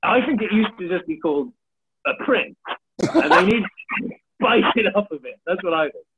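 His voice sits high and sounds animated at a moderate pace: a comedian in his thirties, chatting casually as a podcast guest, poking fun at himself and swearing without restraint. A faint hiss runs under the tinny, phone-like audio.

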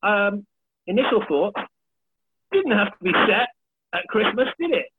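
Here a man in his thirties speaks a little slowly in a high voice that swings widely in pitch. As a comedian guesting on a podcast, he jokes about himself and swears freely in casual conversation, over a tinny, phone-like line with faint hiss.

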